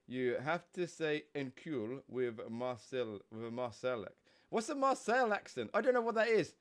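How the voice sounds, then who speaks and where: A man's voice: mid-range voice, sing-song, unhurried. A young man with a stuffy, snotty nose from a cold, chatting casually and rambling on a live stream, swearing now and then.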